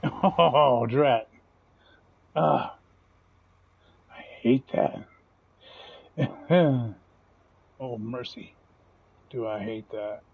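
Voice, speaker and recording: A man's voice: medium pitch, extremely slow, creaky, long pauses, husky, phone-quality sound. A man giving casual, folksy commentary while playing a farming game, chatty and chuckling often. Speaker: gaming channel host.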